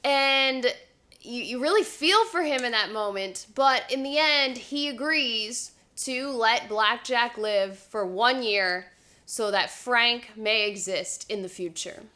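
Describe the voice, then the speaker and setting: A woman's voice: a little high, slow pace, bright, forceful tone. A woman hosting a vlog, chatting casually as she compares a book with its show and retells the plot with easygoing hedges. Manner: retells plot conversationally with hedging fillers.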